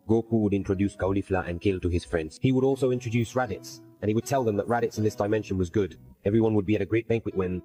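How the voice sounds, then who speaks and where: A man giving scripted narration of a fan-made anime story in an even, plain way. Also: fairly low pitch, rough recording. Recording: faint music bed under voice.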